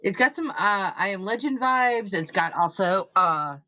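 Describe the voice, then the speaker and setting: Stream host, female, easygoing and slow, lo-fi mic. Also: mid-range voice, expressive, bright, forceful tone. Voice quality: unhurried, rambling with fillers. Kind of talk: casual chat.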